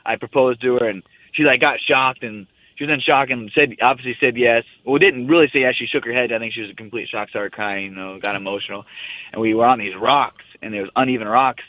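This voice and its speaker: Young male fighter calling in, quick and rambling, tinny dry phone line. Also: mid-range voice, no echo. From United States. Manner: rambling, loose and profane. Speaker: guest fighter. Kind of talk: casual radio interview.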